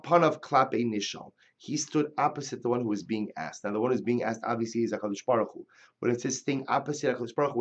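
A man's voice: medium pitch, dull audio. A man teaching a Talmud lesson, reading the Hebrew and Aramaic text aloud and then explaining it in plain English. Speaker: Torah teacher. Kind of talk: Talmud class lecture.

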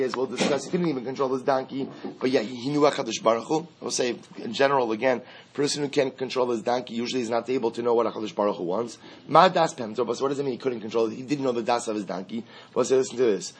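A man's voice: medium pitch, breathy edge. A man teaching a Talmud class, reading out Aramaic phrases and translating them in a conversational way, often restarting. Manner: reads Aramaic and translates line by line, conversational asides.

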